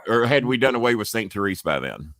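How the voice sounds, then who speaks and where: Bright, animated storytelling man. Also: on the low side, quick pace. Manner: animated, profane storyteller, acts out yelling voices. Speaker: host. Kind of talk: casual storytelling chat.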